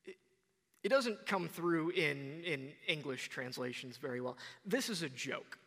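A young man preaching a sermon, retelling a parable in a conversational, animated way. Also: on the high side, a little slow, big-room sound. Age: young adult.

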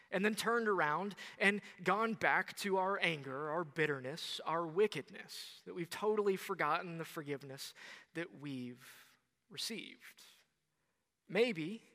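A young man in his twenties preaching a sermon in a conversational, animated way. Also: high-pitched, big-room sound. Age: 20s.

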